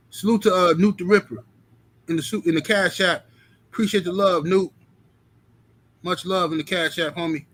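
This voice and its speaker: High-pitched, bright-voiced man streaming. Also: low-quality recording. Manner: loose, profane, laughing asides, slangy. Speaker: boxing talk show host. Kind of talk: casual live-stream commentary.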